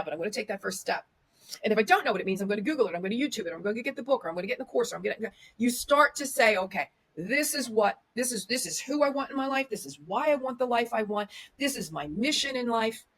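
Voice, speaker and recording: A woman's voice: fairly high pitch, expressive, fast, fairly bright tone. A woman speaking as a podcast guest and media coach, giving motivational advice in an emphatic style with repeated lists and restarts. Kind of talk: motivational interview talk.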